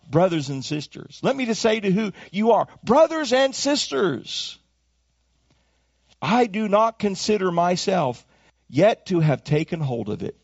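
A man preaching a sermon as pastor, swinging from high emphatic calls down to low hushed asides. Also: no echo, lo-fi sound.

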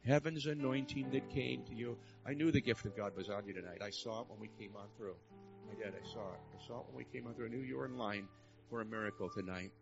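A man's voice: lowish voice, steady tone, quick pace, vocal fry, highs cut off, faint music behind. An older man preaching a storytelling sermon in a church service, earnest and building to fervent exhortation.

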